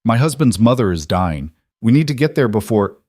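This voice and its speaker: A man reading a story aloud, voicing a poor young seamstress who talks in a brisk, practical, teasing way, close on a dry mic. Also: mid-range voice, big pitch swings, a little mellow, no room sound. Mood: pleading. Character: young woman, poor brave quick-witted seamstress.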